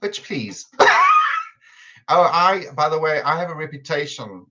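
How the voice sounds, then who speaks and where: A man with a South African accent hosts a live cooking stream, chatting, teasing and laughing often in casual livestream talk. His voice is a little high, measured in pace, pushed and bright. The computer camera mic gives it a lo-fi sound.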